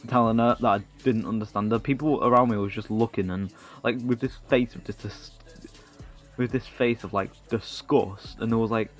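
A man's voice: lowish voice, fairly even intonation, normal speed, faint music behind. Rambling, sweary Englishman telling a story. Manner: rambling, sweary, self-mocking. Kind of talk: comic storytime monologue.

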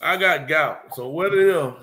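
A man's voice: on the high side, a little slow, pushed and bright, a little hiss or hum. A man telling a rambling, slangy comic story to a live audience. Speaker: comedy show host.

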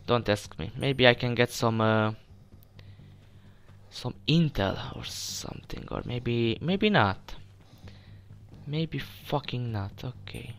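A man's voice: medium pitch, expressive, slow, pauses often, fairly bright tone, a little hiss or hum. Jumpy young man swearing through gameplay. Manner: jumpy, swears often, stammers when startled. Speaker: let's play gamer. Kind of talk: casual gameplay commentary.

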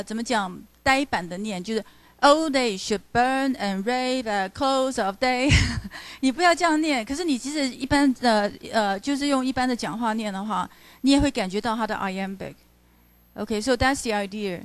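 A woman's voice: a little high, moderate pace, no echo. A woman professor giving a poetry lecture to a university class, reading lines aloud to show their stresses and checking in with her students. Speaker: literature professor. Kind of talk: classroom lecture mixing English and Mandarin.

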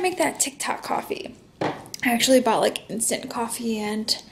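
A young woman vlogging at home in casual chat, out of breath and talking in a breathy half-whisper. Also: fairly high pitch, steady tone, a little slow, noisy background. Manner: rambling, chatty.

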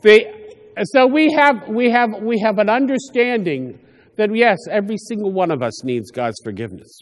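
A priest with a high, light voice gives an expressive homily in plain, conversational language. He halts often to restart his thoughts, and the church's long reverb carries his words.

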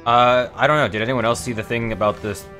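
A man chatting casually with his team over a headset while gaming, reading game messages aloud in a relaxed way. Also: medium pitch, quick pace, soft background music. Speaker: gamer streaming a raid.

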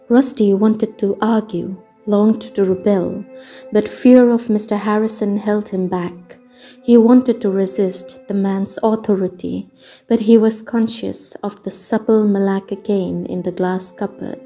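A woman storyteller reading a novel aloud in calm, measured narration. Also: medium pitch. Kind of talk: audiobook reading. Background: soft ambient music.

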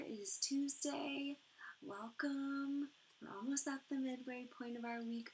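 Woman teacher sounding out words slowly. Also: a little high, a little hiss or hum. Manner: encouraging, slow and clearly sounding out words. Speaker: first grade teacher. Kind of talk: online phonics lesson for children.

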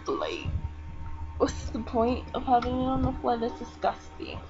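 Young woman gamer, soft and low-voiced, rambling chatty commentary over game music on a muffled mic. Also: animated, measured pace. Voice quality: soft-spoken, talks low. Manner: rambling, chatty, lots of fillers. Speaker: gaming vlogger. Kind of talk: casual gameplay commentary.

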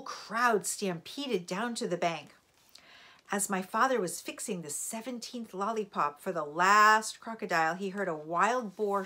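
A woman reading a children's chapter book aloud in an expressive storytelling voice. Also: mid-range voice, measured pace. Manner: expressive storytelling, lively intonation. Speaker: library read-aloud reader.

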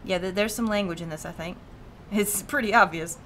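A woman's voice: medium pitch, a little fast, fairly bright tone, a little hiss or hum. A woman streaming a game, chatting casually and reading the characters' lines aloud, swearing freely and laughing often. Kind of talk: casual let's-play commentary, voicing game dialogue.

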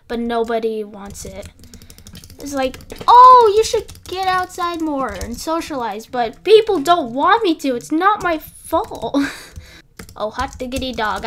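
Young female gamer, high-pitched and slow-talking, rambly flustered live commentary with faint keyboard clicks. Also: a bit bright, a little hiss or hum. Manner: rambling, flustered, breaks off mid-sentence often. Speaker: gaming YouTuber.

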